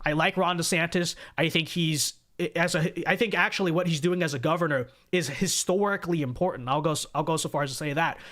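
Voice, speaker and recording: High-voiced chatty man. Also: fairly bright tone. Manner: chatty, repeats phrases, frequent "okay?" asides. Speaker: political livestream host. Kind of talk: casual livestream talk, reading viewer donations.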